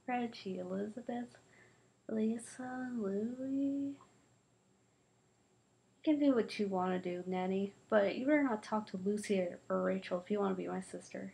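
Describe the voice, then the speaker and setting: A woman's voice: medium pitch, a little slow, vocal fry, low-quality recording. Woman reading a novel aloud. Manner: lively, shifts voices for the children's quarrel. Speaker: reader.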